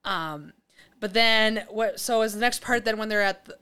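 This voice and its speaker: A woman's voice: moderate pace, clean tone. A woman co-hosting a podcast, casually recapping a horror film, swearing and laughing as she jumps into squealing character voices. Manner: animated, acts out characters with high squeals, swears, laughs often. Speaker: podcast co-host. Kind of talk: casual movie recap chat.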